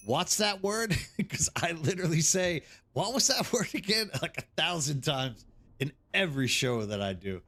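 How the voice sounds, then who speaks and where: A man's voice: fairly high pitch, fairly bright tone. A man hosting a live game stream, chatting casually and rambling while greeting viewers by name. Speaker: streamer host.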